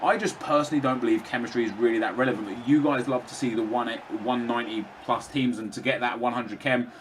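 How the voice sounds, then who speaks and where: A man's voice: medium pitch, steady tone, fast talker, noisy background. A young man rambling through casual commentary over his own gameplay, chatty, with lots of fillers and restarts. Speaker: gaming commentator.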